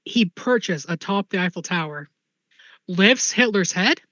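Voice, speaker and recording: Tabletop player, very slow pace, dull lo-fi mic, dry sound, dramatic narration. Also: mid-range voice, lively intonation, bright, forceful tone, no room sound. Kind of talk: describing a character's actions in a tabletop game.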